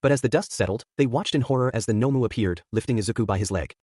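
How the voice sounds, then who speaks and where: A man narrating a fan fiction story aloud in a brisk, expressive way. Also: medium pitch, slightly rough, no room sound, clean studio sound.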